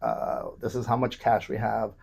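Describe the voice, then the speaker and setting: A man on a podcast telling profane, animated stories with lots of restarts. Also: mid-range voice, normal speed, creaky, husky. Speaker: podcast guest. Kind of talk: casual storytelling. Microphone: studio podcast mic.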